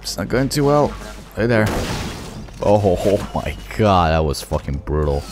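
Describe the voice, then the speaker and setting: A young man giving excitable, profane let's play commentary, taunting enemies as he plays. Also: sits low, normal speed. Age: young adult. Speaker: gaming channel host. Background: game music.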